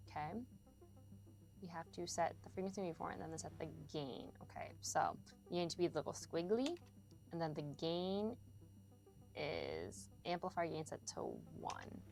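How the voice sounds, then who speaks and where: A young adult woman with a fairly low, slightly mellow voice speaks at normal speed, her pitch swinging widely, while faint music plays behind her. She's streaming a game and chatting casually with viewers, swearing a lot as she solves a puzzle.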